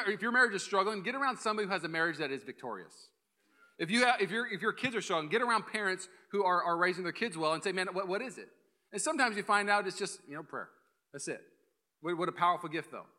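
A young man preaching a sermon as pastor, energetic and full of joking asides. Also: on the high side. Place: church hall.

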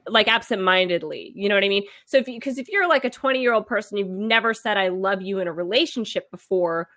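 A woman's voice: mid-range voice, fast, bright, forceful tone. A woman co-hosting a podcast in casual chat, reading out a listener letter and talking it over with lots of fillers. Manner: reads listener letters, chatty with many fillers. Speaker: podcast co-host.

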